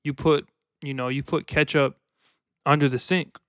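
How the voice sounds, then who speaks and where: A man riffing in casual comic chat, spinning absurd stories in slangy, deadpan fashion. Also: on the high side, normal speed, no echo, clean studio sound.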